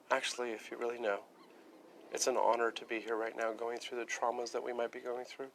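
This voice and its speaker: A man's voice: medium pitch, little pitch movement, fairly quick, creaky, a bit bright, slight background noise. A young man rambling on a casual livestream, part spiritual preaching, part chatting with viewers. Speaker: livestream host.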